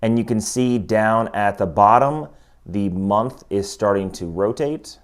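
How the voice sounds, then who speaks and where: A man talking casually through a watch review, explaining each step and getting more excited as he goes. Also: fairly low pitch, unhurried. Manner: chatty, enthusiastic, explains step by step.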